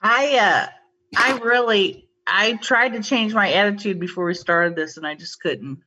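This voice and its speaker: A woman's voice: mid-range voice, unhurried, sharp tone, slight background noise. A woman co-hosting a podcast over a video call, chatting casually in a teasing way. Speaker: podcast co-host. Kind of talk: casual chat. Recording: dull lo-fi video call audio.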